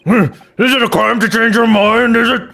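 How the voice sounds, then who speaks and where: A man voicing an indignant elderly male juror in a video game dub, high, fussy and cantankerous. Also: fairly even intonation, normal speed, vocal fry, pushed and bright, full character voice. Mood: huffy. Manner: squawking, high and huffy.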